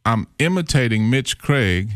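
A man's voice: medium pitch, a little slow, no room sound, clean studio sound. A middle-aged man who works as a radio imaging voice artist, telling stories in a casual interview and acting out the voices he quotes. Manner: animated storyteller who acts out quoted voices.

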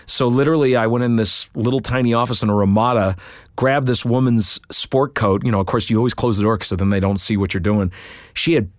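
A middle-aged man, a voiceover artist, telling work stories in an interview with animated asides and put-on voices. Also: mid-range voice, a little fast, no room sound, studio quality. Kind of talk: storytelling interview.

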